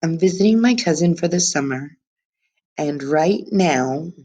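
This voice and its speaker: A woman's voice: low voice, animated, measured pace, mellow. A woman reading aloud as a persistent twelve-year-old girl who talks eagerly and pleads, recorded on a webcam. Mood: pleading.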